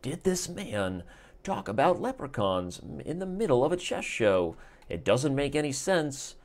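A man voicing a portentous male TV promo announcer in slow, drawn-out teaser lines. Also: medium pitch, big pitch swings, pitched above the performer's own voice.

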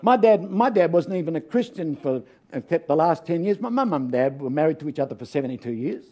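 An older man with an Australian accent preaches as a guest speaker, mixing homely stories with humor. His voice sits high for a man yet sounds warm and mellow. He keeps asking the congregation for an amen. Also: lively intonation, fairly quick. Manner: folksy, humorous, calls out for amens. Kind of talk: sermon with storytelling.

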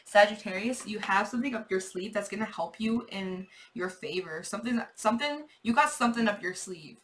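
A woman's voice: medium pitch, brisk, a bit bright, rough recording. A young woman giving a casual, rambling tarot reading, repeating herself, swearing and laughing. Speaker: tarot reader.

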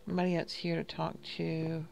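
A woman's voice: low-pitched, completely flat delivery, brisk, vocal fry, a little mellow. A woman casually talking through her gameplay, thinking aloud and reading out game text. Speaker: gaming video host.

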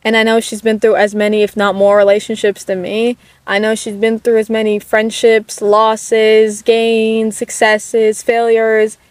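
A young woman in her late teens, talking casually and softly to the camera at a park, rambling with lots of "like"s and getting emotional. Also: fairly high pitch, completely flat delivery, measured pace, few pauses, no room sound. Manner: soft-spoken, rambling, emotional, many "like"s. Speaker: vlogger. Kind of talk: casual chat. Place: outdoors at a park. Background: dogs barking at times.

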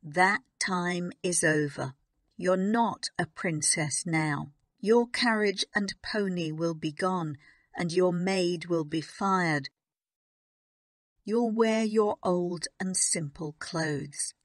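A woman's voice: on the low side, takes it slowly, no echo, studio quality. A woman voicing a stern, cold headmistress in an audiobook, speaking in a commanding, scolding tone. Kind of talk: audiobook character reading.

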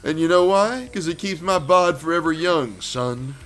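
A man's voice: on the high side, lively intonation, normal speed, a bit bright, faint music behind. A man voicing a vain, scheming male arena boss with a put-on Southern drawl, hammy and boastful. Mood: gloating. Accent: put-on American Southern. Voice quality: drawling, folksy, gravelly. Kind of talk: voicing a game character.

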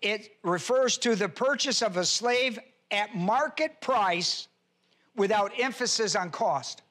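A male pastor teaching a sermon verse by verse, reading scripture aloud and slowing down to stress key words. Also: sits high, lively intonation, bright, forceful tone. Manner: reads scripture aloud and spells out Greek words. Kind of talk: expository Bible teaching sermon.

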